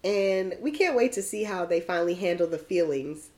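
A woman's voice: on the low side, expressive, normal speed, mellow. A woman co-hosting a podcast, recapping casually and laughing often. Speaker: podcast co-host. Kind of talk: casual chat.

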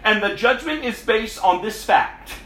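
A man's voice: sits high, animated, measured pace, pushed and bright, a little hiss or hum. A man preaching a sermon, reading scripture and then explaining it with emphatic repetition of key words. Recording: echoey room.

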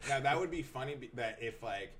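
Brief: male co-host, bright and crisp tone, easygoing and laughing, faint background hiss. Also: medium pitch, expressive, a little fast. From California. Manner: easygoing, laughs often, self-described passive aggressive. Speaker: podcast co-host. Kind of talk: casual podcast chat.

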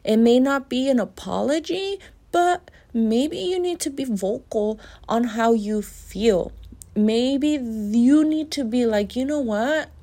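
Woman, spiritual podcast monologue, slow-paced, earnest, emotional, lots of filler words. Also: a little high, animated, dark tone. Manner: mixes in Spanish phrases.

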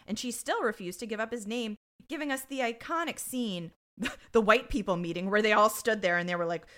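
A woman's voice: mid-range voice, fairly quick, fairly bright tone. A woman co-hosting a podcast in casual chat, blunt and profane, retelling scenes with acted-out quotes. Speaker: podcast co-host.

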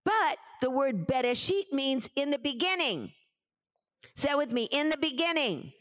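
A woman pastor teaching scripture in a sermon, calling for responses from the congregation with emphatic repetition and rising into shouted preaching. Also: high voice, lively intonation, unhurried, no room sound. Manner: rises to shouted preaching at climaxes.

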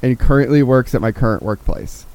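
A man's voice: medium pitch, brisk, a little mellow, low-quality recording. A man hosting a podcast, talking in an earnest, reflective way in casual chat. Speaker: podcast host.

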